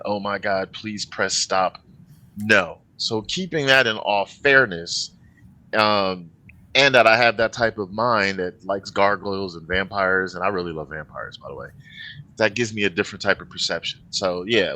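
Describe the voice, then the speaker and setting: A man co-hosting a music reaction video, chatting casually and giving candid opinions with animated questions. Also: fairly low pitch, moderate pace. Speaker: reaction channel co-host. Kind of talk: casual chat reacting to a song.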